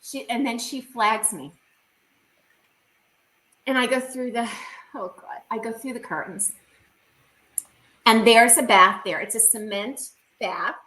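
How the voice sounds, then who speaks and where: Bright-voiced woman telling an emotional story. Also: on the high side, takes it slowly, long pauses, roomy sound, rough recording. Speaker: guest. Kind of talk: recounting a personal experience in an interview.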